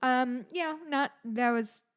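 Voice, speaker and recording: A woman's voice: high-pitched, slow pace, clear, resonant tone. Rambling, chatty woman in her thirties. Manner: rambling and chatty, with swearing and self-deprecating asides. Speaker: podcast co-host. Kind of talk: casual chat.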